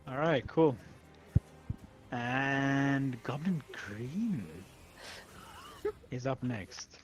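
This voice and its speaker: A man narrating a tabletop game as game master, telling the action in a lively way and laughing often. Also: medium pitch, very slow, soft background music.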